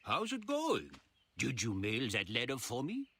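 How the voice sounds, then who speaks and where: A man's voice: mid-range voice, huge pitch swings, a little slow, a little hiss or hum. A mock-German one-eyed camp handyman. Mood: jolly. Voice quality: stiff formal phrasing, bright raspy tone.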